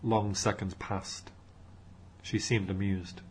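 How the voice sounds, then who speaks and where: A man narrating an audiobook in a measured storytelling manner. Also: sits low, level tone, slight background noise.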